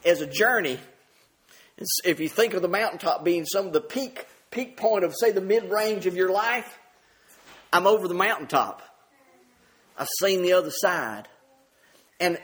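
An older man preaching a conversational sermon, reading scripture aloud in a folksy way, stumbling over repeated words and dropping to a hush for emphasis. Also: high voice.

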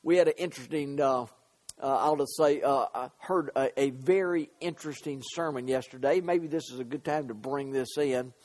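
A man's voice: medium pitch, normal speed, darkish tone. A man preaching a sermon, fervent and full of fillers and repeated words.

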